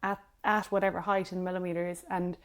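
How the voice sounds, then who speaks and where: A woman's voice: on the low side, level tone, quick pace, fairly bright tone. A woman co-hosting a podcast, giving practical advice in casual chat. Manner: practical, explains in detail. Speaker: podcast co-host.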